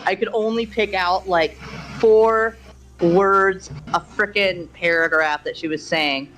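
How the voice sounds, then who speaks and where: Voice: mid-range voice, steady tone, takes it slowly, a bit bright, slight background noise, poor audio. Hesitant co-host with stumbling delivery. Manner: hesitant, many fillers and self-corrections. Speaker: podcast co-host. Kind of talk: casual history chat.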